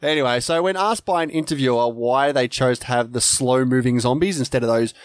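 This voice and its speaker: A man's voice: medium pitch, brisk, dry recording, clean studio sound. A young man, co-hosting a film podcast, chatting and reading out film trivia. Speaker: podcast co-host. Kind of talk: casual chat.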